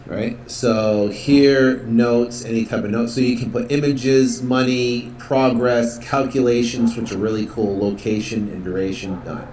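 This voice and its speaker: A man's voice: medium pitch, fairly even intonation, a little slow, hardly any pauses, darkish tone, slight background noise. Male instructor, casual screen-tutorial voice, filler-heavy, roomy room tone. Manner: casual, upbeat, many fillers, acts out sales calls. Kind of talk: software walkthrough tutorial.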